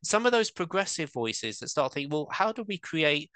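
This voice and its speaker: A man in his fifties with a southern English accent talks as a podcast guest, building emphatic arguments and posing rhetorical questions. His voice is bright and crisp, and it sounds close and dry with no room echo. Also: a little high, very animated, moderate pace. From England. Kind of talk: conversational interview.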